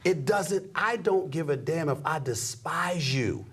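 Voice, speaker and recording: A man's voice: on the high side, animated, a little slow, slightly rough. A middle-aged man talking emphatically and preachily in a heated sports conversation. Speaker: sports commentator guest.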